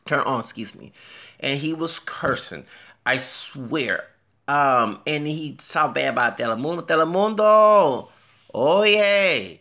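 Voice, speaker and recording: Gravelly, bright Texan man rambling. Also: a little slow. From Houston, Texas. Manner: chatty, excitable, laughs and jumps in pitch. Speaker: vlogger. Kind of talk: casual rambling commentary. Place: home bathroom.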